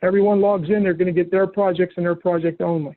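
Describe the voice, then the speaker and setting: Guiding a user click by click, a man leads a software training session with calm, patient direction and a fairly high voice. He speaks fast, and the call audio is tinny and phone-like, dry and close with no echo.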